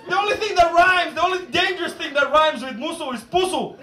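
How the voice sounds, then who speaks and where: Brash, high-voiced stand-up comedian. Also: male voice, lively intonation, a little fast, hardly any pauses. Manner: brash, profane, punchy delivery. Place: comedy venue with live audience. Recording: echoey room, far mic, loud crowd and noise.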